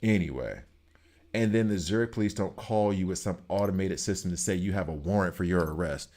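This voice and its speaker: Very deep-voiced man telling stories. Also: a little fast. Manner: animated, emphatic storytelling. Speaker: gaming streamer. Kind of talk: casual chat while streaming a game.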